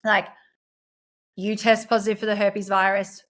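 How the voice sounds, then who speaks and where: A woman's voice: medium pitch, level tone, normal speed, fairly bright tone. A young adult woman, a self-empowerment coach, talking earnestly and reflectively in a podcast interview and quoting her own inner voice.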